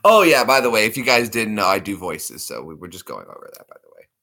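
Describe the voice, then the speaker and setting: Man vlogger, casual, lively pitch, bright tone, chatty and keeps dropping into impressions. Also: fast talker, gravelly. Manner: chatty, keeps slipping into character voices. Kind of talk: casual chat.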